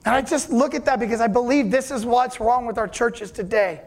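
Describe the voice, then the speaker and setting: A man's voice: extremely high pitch, brisk. A man preaching a sermon, telling the story animatedly with casual slang.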